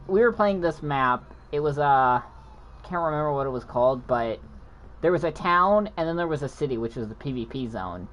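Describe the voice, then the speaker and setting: A gaming channel host with a slightly high voice stutters and mumbles through a casual storytelling chat. He rambles, keeps restarting sentences, and backtracks whenever he loses his thread, with slight background noise.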